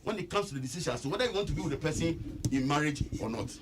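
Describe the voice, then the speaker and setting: A Ghanaian man giving relationship counsel on radio, slow and emphatic, repeating points to stress them. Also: on the high side, animated, noisy background. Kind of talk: radio advice talk.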